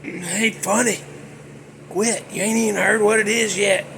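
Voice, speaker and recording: Man, 60s, very high voice, folksy joking host of a movie chat vlog. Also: fairly even intonation, unhurried, vocal fry, noisy background. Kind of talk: casual movie talk vlog.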